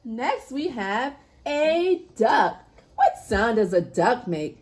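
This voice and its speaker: Lady doing a kids lesson, slow and sing-songy, pitch jumps around a lot. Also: big pitch swings. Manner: slow, sing-song, playful. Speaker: children's video host. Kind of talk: preschool teaching. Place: homestead.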